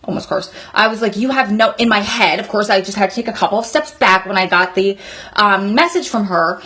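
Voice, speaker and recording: A woman's voice: mid-range voice, fairly quick, sharp tone. A woman in her thirties giving heartfelt, emphatic advice straight to her viewers in a vlog. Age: 30s. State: sweaty, hot room. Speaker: vlogger. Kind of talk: emotional advice monologue.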